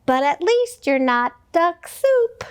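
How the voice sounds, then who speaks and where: A woman's voice: high voice, big pitch swings, slow pace, heavily acted. A woman voicing a kind, motherly female friend who comforts in a children's storybook. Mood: comforting. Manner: gentle, comforting.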